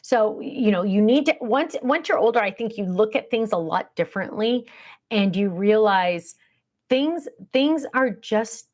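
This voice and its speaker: A middle-aged woman chats casually on a livestream, wandering from story to story and stopping to read viewer comments aloud. Her voice sits at an ordinary middle pitch. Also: expressive, measured pace, darkish tone. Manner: chatty, rambling, reads viewer comments aloud. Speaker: livestream host.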